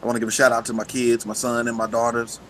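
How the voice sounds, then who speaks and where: A man's voice: mid-range voice, completely flat delivery, fast, a bit bright, a little hiss or hum, rough recording. A man guesting on a live radio interview, earnest and grateful, dropping "man" at the end of his lines. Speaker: musician guest.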